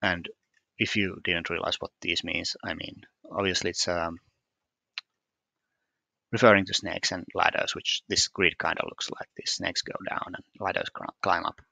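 A man's voice: deep voice, flat delivery, moderate pace, creaky, bright, forceful tone, no echo. A man walking through a puzzle solution step by step, hesitant and methodical, with frequent fillers. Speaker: puzzle solver explaining solutions. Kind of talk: screen-recorded puzzle walkthrough.

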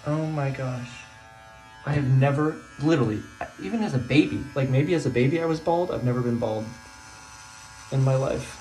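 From a bathtub in a small bathroom, a middle-aged male teacher nervously rambles to his nearby phone, exclaiming to himself. The mid-range voice moves at normal speed with a darkish tone and a bit of hiss or hum.

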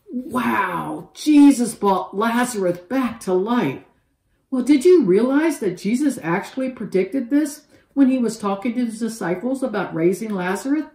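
A woman teaching a children's Bible lesson, telling the story with animated, expressive voices for each character. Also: medium pitch, roomy sound, low-quality recording.

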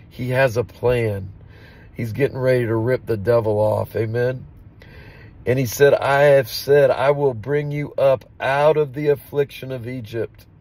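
A man's voice: mid-range voice, a little mellow. Fervent man preaching scripture. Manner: fervent preaching, with repeated amens. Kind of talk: daily devotional scripture reading and prayer.

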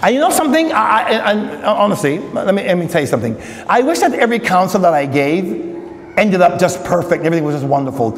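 Lively, high-voiced pastor in an echoey hall. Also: male voice, quick pace. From Australia. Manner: joking, teasing the congregation by name. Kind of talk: conversational Bible study sermon. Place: church hall.

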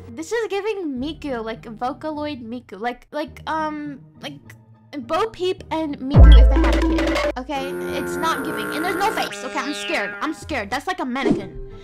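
An Australian woman giving casual, bubbly gameplay commentary, gasping often and saying "like" and "oh my gosh" a lot. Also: sits high. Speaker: gaming YouTuber. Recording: voice over game music.

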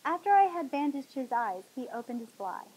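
A woman hosting a talk show, reading a novel aloud in a dramatic, expressive way. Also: high voice, a little fast, slightly rough, low-quality recording.

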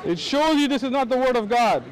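American guy arguing on the street, real high voice, jumps all over the place, keeps cutting in. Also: brisk, a crowd in the background, low-quality recording. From United States. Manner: insistent, interrupting, explaining with rising animated pitch. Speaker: Muslim street preacher. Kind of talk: heated street debate.

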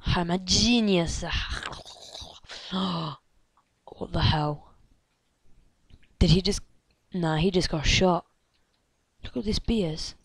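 Slow-talking excitable woman gamer. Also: on the low side, breathy edge, no echo. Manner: excitable, gasping, chattering at game characters; drops into hushed whispers. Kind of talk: let's play commentary.

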